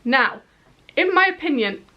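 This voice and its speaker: A woman's voice: high voice, animated, measured pace, muffled recording. Yorkshire girl in her 20s chatting away on a storytime vlog, lots of likes and you knows. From northern England. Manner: chatty, rambling with many fillers. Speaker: vlogger.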